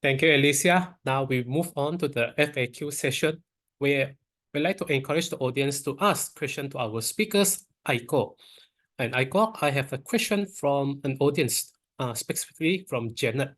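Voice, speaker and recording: A man moderates an online question session and reads the audience's questions out plainly. His voice has an average pitch and a steady delivery. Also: moderate pace.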